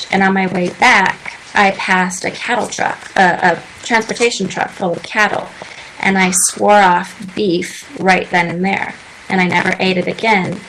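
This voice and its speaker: A woman's voice: mid-range voice, fairly bright tone, a little hiss or hum, low-quality recording. A woman in her twenties chatting earnestly as a guest on a radio talk show, telling her story at length. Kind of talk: casual interview chat. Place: radio studio.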